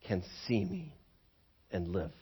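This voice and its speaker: A man voicing God, deep and grave. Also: big pitch swings, breathy edge, exaggerated voice. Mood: stern warning. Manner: slow, grave and quiet. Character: God, a stern, all-powerful male deity. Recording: dull lo-fi recording.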